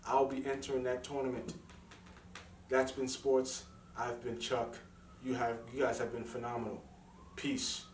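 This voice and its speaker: A man's voice: mid-range voice, little pitch movement, a little slow. A man doing a comic sports report, boastful and rambling, with frequent asides. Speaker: sports segment presenter. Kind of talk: comic news sketch. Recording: roomy, distant mic, faint noise.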